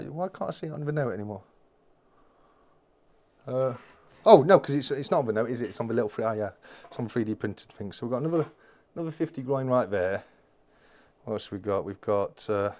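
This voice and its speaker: A man's voice: on the low side, a little mellow. A man hosting a live-stream unboxing, talking casually and gushing with exclamations. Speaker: channel host.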